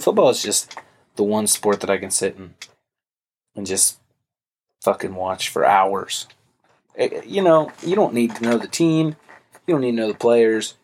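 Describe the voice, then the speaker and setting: A man's voice: medium pitch, a little hiss or hum. A young adult man hosting a podcast, casually telling a heated story with lots of swearing and filler words. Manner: loose, profane storytelling with frequent fillers. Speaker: podcast host. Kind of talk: casual chat.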